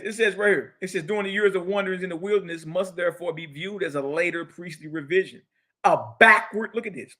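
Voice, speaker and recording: A man, holding forth in a lively religious lecture. He reads a passage aloud in a higher, bright voice, then breaks off to mock and preach in slangy asides. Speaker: teacher. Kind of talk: animated religious lecture reading from a book.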